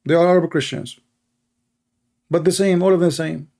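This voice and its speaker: A man's voice: a little high, fairly even intonation, moderate pace, gravelly, warm tone. A man, talking in a casual, emphatic monologue and telling stories with lots of repetition. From Middle East. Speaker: online commentator.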